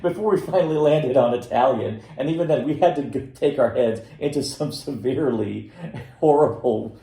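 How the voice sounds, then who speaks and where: Leaning high in pitch but dark in tone, the man talks fairly quickly while co-hosting a casual podcast about films. He rambles and restarts frequently, and the recording echoes.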